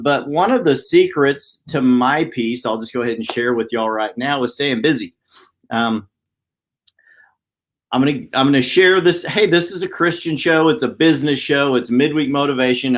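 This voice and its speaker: Man host, quick chatty motivational live-stream talk, mid-pitched, office setting. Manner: fast-talking, upbeat, chatty. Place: downtown office.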